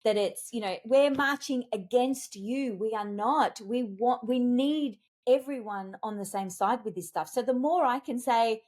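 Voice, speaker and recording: A woman speaking as a communications expert and executive coach in a podcast interview, telling stories in an animated, emphatic way with big leaps in pitch. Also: normal speed, hardly any pauses. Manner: animated, emphatic storytelling with wide pitch jumps.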